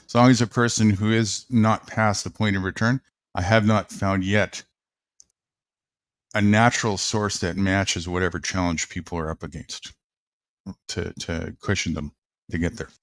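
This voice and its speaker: A man's voice: low voice, fairly even intonation, moderate pace, no room sound, clean studio sound. A man musing at length in a casual late-night chat, rambling and swearing now and then. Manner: rambling, philosophical, profane.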